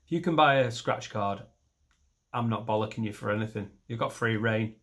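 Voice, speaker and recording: A man in his thirties doing a stand-up comedy set, rambling and self-mocking and jumping into loud voices for imagined scenes. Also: on the low side, moderate pace. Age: 30s. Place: comedy stage.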